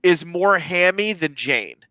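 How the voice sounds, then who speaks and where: Bright high-voiced man debating. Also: expressive, slow. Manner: critical, argumentative. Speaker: co-host. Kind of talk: casual review discussion.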